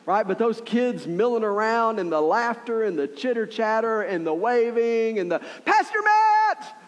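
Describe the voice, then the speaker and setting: A pastor preaches a sermon, telling the story animatedly with acted-out voices and asides to the congregation. His voice is high-pitched at a moderate pace, with a long reverb tail.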